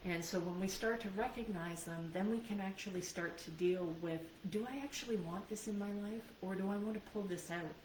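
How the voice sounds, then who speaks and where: A woman coach giving a live video training in an earnest, conversational manner, often checking in with her listeners. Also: lowish voice. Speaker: life and business coach. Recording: roomy sound from a distant mic, faint background noise.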